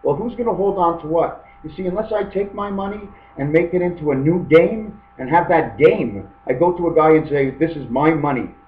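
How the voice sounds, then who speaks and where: A man's voice: on the high side, a little fast, hardly any pauses, reverberant, narrow, tinny audio. A man giving a meandering, free-associating webcam monologue, often tossing in "okay". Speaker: webcam vlogger. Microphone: webcam microphone.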